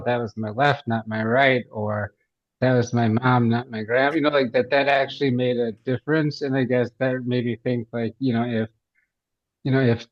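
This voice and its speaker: A man's voice: mid-range voice, darkish tone, no echo. Hesitant male student, muffled sound. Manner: hesitant restarts, thinking aloud. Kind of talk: classroom discussion.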